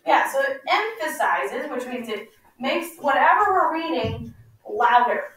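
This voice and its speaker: High bright-voiced woman teacher. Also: expressive. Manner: call-and-response prompting, slows down to stress words. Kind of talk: classroom instruction. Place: classroom. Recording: echoey room, mic far off, faint noise.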